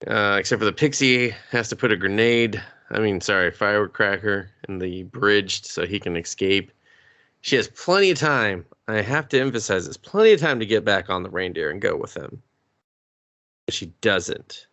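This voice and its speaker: A man co-hosting a movie podcast, talking in a casual, profane recap. His pitch sits a little low but swings widely as he acts out characters' lines in bursts. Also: normal speed. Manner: animated, swears freely, acts out characters' lines. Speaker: podcast co-host.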